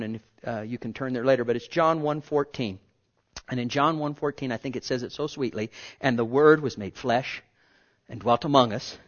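A man preaching a sermon in an earnest way, swinging from soft, drawn-out phrases to emphatic ones and repeating key words. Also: a little high. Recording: dull lo-fi recording.

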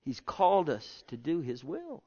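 Impassioned preacher, hushed to booming, lo-fi. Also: male voice, wildly swooping pitch, measured pace, slightly rough. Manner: swings from hushed murmurs to loud exhortations. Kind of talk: sermon.

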